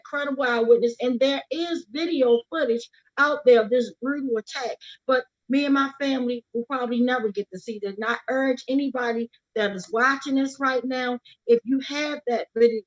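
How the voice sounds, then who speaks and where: A woman speaking urgently and emphatically as an activist, repeating her key words for force. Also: high voice. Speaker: activist speaking about her brother's death. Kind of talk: impassioned speech at a livestreamed rally. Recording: lo-fi livestream audio.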